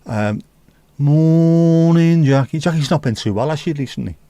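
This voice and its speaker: A man hosting a relaxed livestream, reading comments aloud with casual, sweary, teasing banter. His voice sits at an ordinary middle pitch. The sound is dry and close, with no room echo. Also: fast, husky. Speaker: livestream host.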